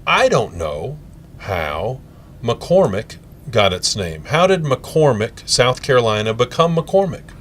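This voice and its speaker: A man's voice: medium pitch, big pitch swings, takes it slowly, slight background noise. A man from Colorado hosting a local TV interview show, asking friendly, chatty, leading questions. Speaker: TV show host.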